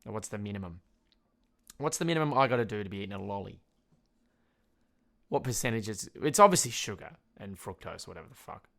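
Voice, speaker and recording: With a lowish, gravelly and fairly bright voice, a young podcast host from Tasmania, Australia, rambles through a casual solo rant, brisk and expressive but with long pauses. He swears a lot and chuckles at his own stories.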